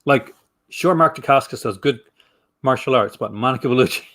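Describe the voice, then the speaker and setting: A man's voice: mid-range voice, fairly quick, fairly bright tone. Rambling, chatty man on camera. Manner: chatty and rambling, laughs easily. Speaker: film review channel host. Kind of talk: casual chat to camera.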